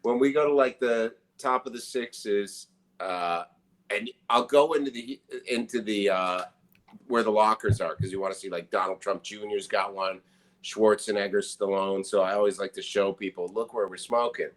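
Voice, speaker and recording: A man appearing as a guest in a casual podcast chat, crude and jokey. His voice sits a little low. He lets off mock-outraged rants. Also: steady tone, normal speed.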